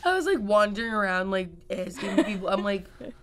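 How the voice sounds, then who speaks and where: A woman's voice: medium pitch, fairly quick. A young woman hosting a podcast, telling stories in a casual, gossipy chat and acting out what people said. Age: young adult. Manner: gossipy, animated storytelling with acted quotes. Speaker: podcast host.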